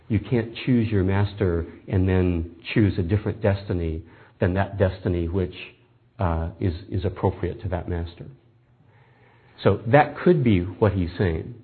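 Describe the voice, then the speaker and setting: A man's voice: deep voice, a little slow, breathy edge. A man teaching a Bible study lecture, reasoning through a passage step by step and reading scripture aloud. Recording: tinny phone-like band.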